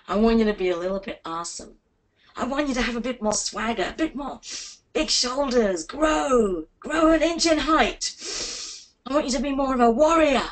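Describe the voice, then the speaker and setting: Female confidence coach, online class, higher voice, animated and jokey. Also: poor audio. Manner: energetic, playful, acts out quotes with big pitch leaps.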